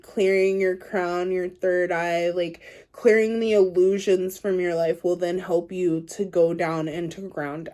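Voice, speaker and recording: A woman's voice: on the low side, warm tone. A woman giving a casual pick-a-card tarot reading to her viewers, rambling and chatty with lots of ums and likes. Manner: chatty, rambling, filler-heavy. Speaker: tarot reader.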